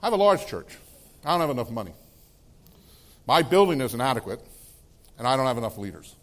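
A middle-aged man, a pastor, preaching a sermon in a conversational way, laughing between phrases and swinging from loud exclamations to hushed, soft tones. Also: medium pitch, sing-song, brisk.

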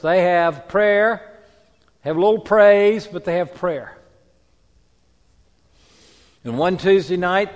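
A man preaching a sermon as a pastor, telling a story with hushed quiet passages and rising emphatic peaks. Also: high voice. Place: church sanctuary. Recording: long hall reverb.

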